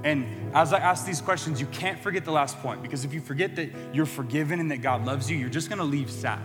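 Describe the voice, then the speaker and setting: A man's voice: on the high side, fast, long reverb tail, music in the background. A man preaching a sermon in an earnest way that builds to impassioned emphasis.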